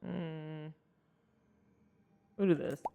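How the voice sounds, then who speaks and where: A game streamer casually chatting with live viewers while playing, expressive and apologetic, swinging between loud exclamations and soft mutters. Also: mid-range voice, extremely slow, vocal fry, slight background noise. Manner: chatty and sympathetic, reacting to chat with frequent apologies.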